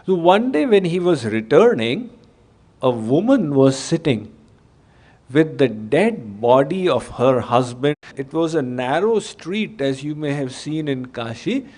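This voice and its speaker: A man giving a temple sermon, telling a story in a measured, explanatory way to his audience. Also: on the high side, big pitch swings, a little mellow. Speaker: spiritual teacher.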